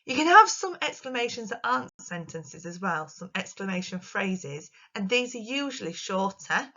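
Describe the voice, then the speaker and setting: A woman teacher, giving a recorded lesson to young children in an expressive, sing-song way. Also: medium pitch, normal speed, muffled recording. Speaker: primary school teacher.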